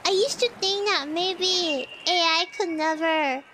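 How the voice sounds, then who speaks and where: Very high-pitched lisping young woman. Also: slow pace, noisy background. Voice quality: lisp. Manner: animated, dramatic outbursts. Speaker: streamer. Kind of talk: casual stream chat.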